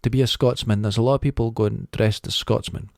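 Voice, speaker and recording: A Scottish man at a mid pitch tells rambling, jokey stories. His voice is close and dry, with no room sound around it. The chat is loose and casual, and he swears freely. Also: steady tone, a little fast, creaky, a little mellow, no room sound. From Scotland. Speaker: podcast co-host.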